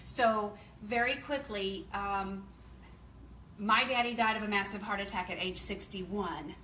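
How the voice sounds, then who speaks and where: A woman's voice: mid-range voice, unhurried, reverberant, recorded from a distance, slight background noise, poor audio. A woman in her fifties from the American South, telling a chatty, laughing testimonial to a meeting audience. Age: 50s. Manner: chatty, laughing, animated storytelling. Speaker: company distributor speaking at a meeting.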